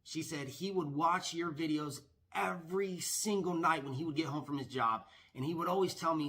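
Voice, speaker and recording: A man telling a storytime vlog as a professional gambler, emphatic and repetitive, often pushing his voice loud. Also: on the high side, moderate pace, few pauses.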